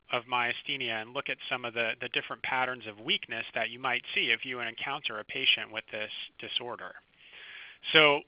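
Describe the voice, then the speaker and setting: Calm male doctor giving a lecture. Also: mid-range voice, no echo. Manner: calm, explanatory clinical teaching. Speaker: physician lecturing first responders. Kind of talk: recorded medical lecture over slides. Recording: dry, slightly dull close recording.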